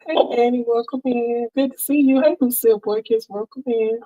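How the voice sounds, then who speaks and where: A sewing crafter hosting a livestream talks briskly in a slightly high, dark-toned voice with a steady delivery. The low-quality headset-mic recording catches her casual, friendly chat as she names viewers in greeting.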